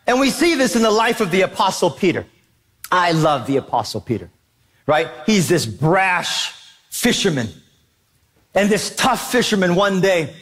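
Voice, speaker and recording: Male pastor, very high voice, lively swings in pitch, emphatic sermon delivery. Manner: animated, emphatic preaching with rhetorical questions.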